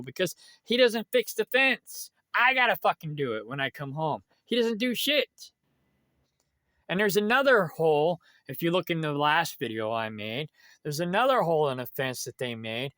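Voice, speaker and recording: A man's voice: a little high, a bit bright, dry recording, clean studio sound. A man ranting bitterly in a vlog, complaining about someone with lots of swearing. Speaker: vlogger. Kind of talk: angry vlog rant.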